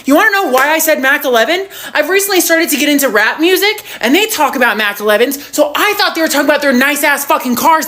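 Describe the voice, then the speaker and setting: A woman telling a storytime monologue about her own blunder, dramatic and self-mocking. She swears freely. Her voice sits high. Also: animated, fast, hardly any pauses, sharp tone.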